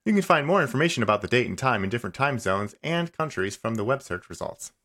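Guy doing a smug passive-aggressive chatbot, talks fast, insists it's always right. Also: medium pitch. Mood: insistent. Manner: insistent, repetitive, ends lines with flat "smiley face". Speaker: podcast host. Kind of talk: comedic dramatic reading of a chat log.

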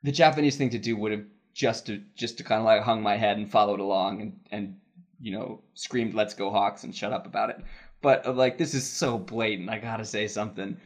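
A man's voice: fairly low pitch, steady tone, fairly quick. A man in his thirties on a casual podcast, telling a work anecdote with frequent fillers and laughs. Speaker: podcast co-host, voice actor in Japan. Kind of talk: casual podcast chat, storytelling.

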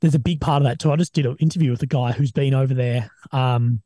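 A man's voice: mid-range voice, quick pace, dry recording. A young Australian man, an army veteran guest, talking casually and swearing often as he acts out what other people said. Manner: swears a lot, animated retelling of others' words. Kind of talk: casual interview talk.

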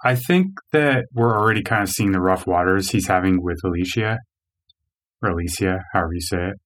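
A man co-hosting a casual podcast in a fairly low voice. He talks in a measured way and offers his opinions, softening them with "I mean" and "like.". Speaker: podcast co-host. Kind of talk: casual recap chat.

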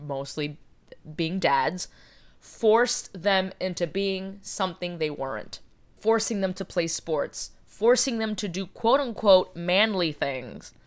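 A woman's voice: lowish voice, expressive, slow. A woman co-hosting a casual chat, slangy and emphatic, often laughing.

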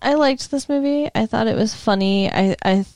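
A woman's voice: fairly high pitch, moderate pace, a little mellow, no room sound. Brief: female podcast co-host, casual and profane, dry close sound. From Michigan. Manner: retells the film plot, swears casually. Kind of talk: casual chat.

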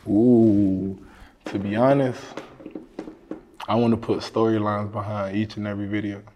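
Laid-back Miami rapper in an echoey room. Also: male voice, on the low side, little pitch movement, a little slow, background noise. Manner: laid-back, slangy, laughs often. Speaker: rapper guest. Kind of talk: casual interview chat. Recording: echoey room with long reverb.

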